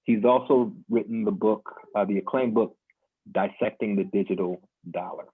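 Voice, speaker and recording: A man co-hosting a panel, introducing the guests one by one in a steady, listing manner. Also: on the low side, normal speed, breathy edge, no echo. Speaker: panel co-host. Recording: tinny phone-like line, dry.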